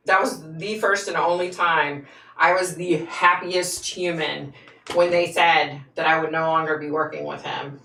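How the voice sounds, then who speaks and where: Host: low-voiced, gravelly woman chatting frankly with viewers, room echo, sits back from the mic. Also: steady tone, fairly quick, a bit bright, recorded from a distance. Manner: frank and chatty, laughs often. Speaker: psychic hosting a live stream. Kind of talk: casual live-stream chat answering viewer comments. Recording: echoey room, voice away from the mic.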